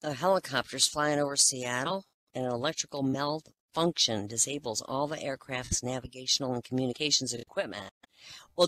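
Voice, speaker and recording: A man's voice: fairly high pitch, bright, forceful tone, rough recording. A man telling dirty jokes in a loose, casual storytelling way. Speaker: joke teller.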